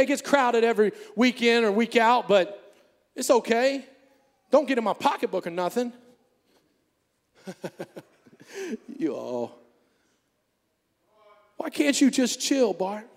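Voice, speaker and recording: Man, preacher, fervent shouting sermon, very high voice, gravelly edge, long hall reverb. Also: expressive, a little slow, pauses often. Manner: fervent, shouting, call and response.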